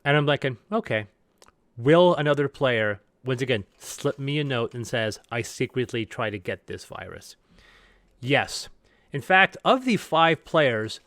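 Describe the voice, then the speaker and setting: A man's voice: mid-range voice, measured pace, dry recording. A middle-aged man telling a story from his game-master table, acting out his players' lines as he goes. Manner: animated, acts out players' lines. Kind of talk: storytelling monologue.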